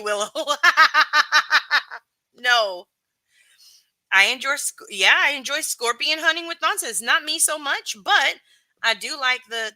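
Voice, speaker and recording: A woman's voice: on the high side, sharp tone, no echo. A woman hosting a live stream, reading chat and giving her candid, emphatic opinions with casual swearing.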